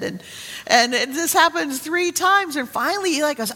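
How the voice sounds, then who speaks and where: A woman pastor introducing and reading an Old Testament lesson in a relaxed, conversational sermon, with fillers and restarts. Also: a little high, normal speed. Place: church sanctuary. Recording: long reverb of a church sanctuary.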